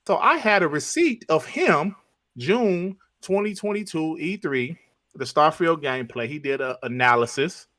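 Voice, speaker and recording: A man's voice: on the high side, expressive, normal speed, fairly bright tone. A man on a casual gaming podcast, ranting animatedly and hammering his points with repeated one-word punchlines. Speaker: podcast panelist.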